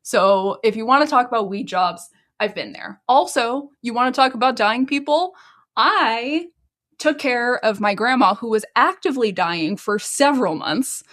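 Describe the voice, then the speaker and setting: A woman's voice: fairly high pitch, animated, normal speed, a bit bright. A woman co-hosting a podcast, ranting in a sarcastic, profane, laughing manner. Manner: sarcastic, swearing, laughing rants. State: waiting for an edible to kick in. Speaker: podcast co-host. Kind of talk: casual podcast banter.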